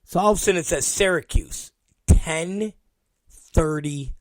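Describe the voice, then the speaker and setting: Male host, fairly high voice, dry close sound; animated profane storyteller who plays every part himself. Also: measured pace, dry recording. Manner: profane, animated, acts out both sides of a dialogue. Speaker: podcast host. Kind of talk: storytelling monologue.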